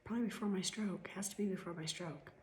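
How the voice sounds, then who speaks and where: A woman venting in a casual vlog, swearing freely and swinging between loud outbursts and whispered asides, a little chesty. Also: medium pitch, fast, echoey room, slight background noise. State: coughing, chesty. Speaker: vlogger.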